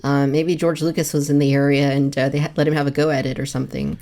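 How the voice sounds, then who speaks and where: A woman's voice: sits low, level tone, quick pace, dark tone. A woman co-hosting a collectors' podcast, chatting in a friendly, laid-back way with light jokes. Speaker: podcast co-host. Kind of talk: casual chat.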